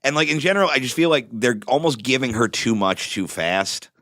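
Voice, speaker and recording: A man's voice: mid-range voice, a little fast, no echo, studio quality. A man hosting a podcast, chatting casually with a guest, joking and swearing. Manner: animated, swearing, jokey. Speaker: podcast host, stand-up comic. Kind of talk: casual chat.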